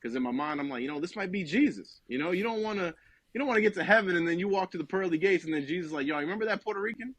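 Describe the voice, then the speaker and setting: A young man from New Jersey spins a rambling, profane comic story on a podcast, acting out every line of dialogue. His voice sits a little high. The sound is dry and close, with no room around it. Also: very fast, no room sound. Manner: profane, rambling, animated retelling with quoted dialogue. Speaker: podcast co-host telling a story. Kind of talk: casual comedic storytelling.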